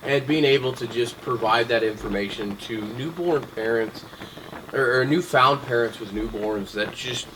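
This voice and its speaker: A man's voice: medium pitch, moderate pace, noisy background. A young adult man hosting a casual chat, rambling with lots of ums and restarts. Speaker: podcast host.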